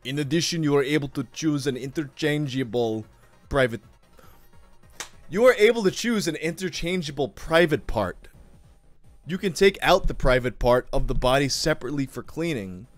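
Guy doing a fake russian accent, stiff broken english product blurb, halting and deadpan. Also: a little high, faint music behind, close to an everyday voice. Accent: mock Russian.

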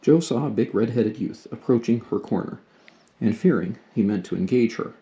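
Man, father reading aloud, steady unhurried storytelling, low voice, dull lo-fi sound. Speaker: father reading to his daughter.

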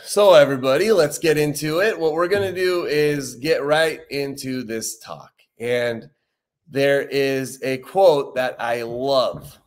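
Man, mid-pitched voice, casual livestream host, conversational, repeats points for emphasis. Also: slow pace. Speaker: recovery talk host.

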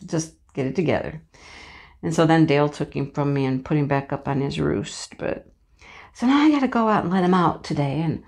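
A woman's voice: sits low, vocal fry. Chatty woman telling a homey anecdote. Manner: animated, acts out voices in anecdotes, laughs often. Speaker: crafting vlogger. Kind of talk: casual chatty storytelling. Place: home office by a window.

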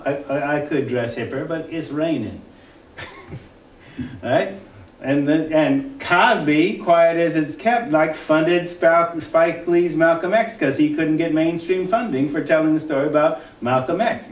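A male college instructor giving a conversational classroom lecture, halting often with fillers and restarts. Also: fairly high pitch. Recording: roomy classroom from a distant mic.

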